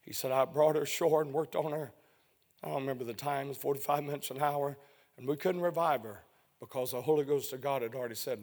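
A man preaching a sermon, telling a story that climbs to loud emotional peaks and then falls low and hushed. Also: fast talker.

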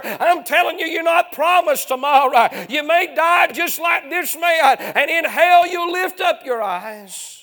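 Male preacher, high gravelly voice, chanted revival delivery with "uh" fillers. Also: a bit bright. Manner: chanting, drawn-out phrases with frequent "uh". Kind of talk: fiery revival sermon.

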